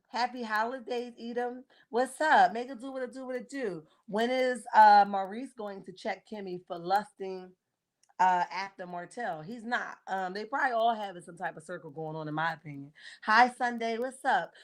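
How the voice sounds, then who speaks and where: A woman in her forties hosts a solo livestream, speaking close to her mic at a medium pitch. Her delivery is blunt and sassy. She keeps tagging her points with "okay?" and greets viewers as they drop in. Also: moderate pace. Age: 40s. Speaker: livestream host. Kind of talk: casual live-chat commentary on reality TV.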